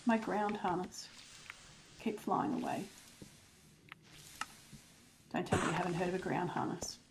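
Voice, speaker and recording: A woman's voice: fairly low pitch, normal speed, gravelly, noisy background. A woman teasing her friends playfully in casual chat during a game. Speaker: fellow player.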